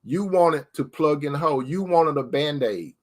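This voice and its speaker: A man's voice: a little high, expressive, moderate pace. Man preaching relationship advice, repeating points. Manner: addresses listeners as sister, repeats key phrases; rhetorical questions in a preaching cadence. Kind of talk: preacher-style relationship talk.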